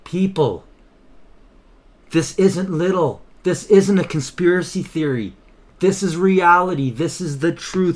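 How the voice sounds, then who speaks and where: A man's voice: high-pitched, moderate pace. A man hosting his own channel, delivering an impassioned, emphatic political commentary monologue with frequent repetition. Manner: impassioned, emphatic, repeats himself. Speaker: channel host.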